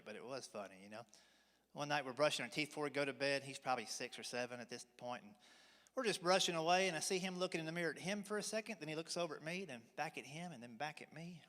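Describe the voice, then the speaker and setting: Folksy comedian in an echoing hall. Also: male voice, a little high, a bit bright. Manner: folksy, drawling storyteller. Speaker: stand-up comedian. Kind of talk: stand-up routine. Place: church hall, live audience. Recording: reverberant hall.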